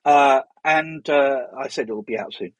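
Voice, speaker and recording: A middle-aged man telling stories in a casual, rambling way, drifting off on tangents and filling pauses with ums and restarts. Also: mid-range voice, no echo, poor audio. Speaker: interview guest, former magazine editor. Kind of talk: casual anecdotal storytelling.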